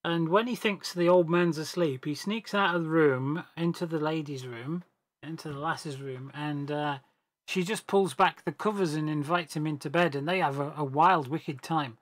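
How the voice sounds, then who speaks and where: A man's voice: fairly high pitch, moderate pace. Rambling man telling jokes. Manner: rambling, with restarts and self-corrections. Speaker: gamer on a team voice chat. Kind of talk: casual joke telling.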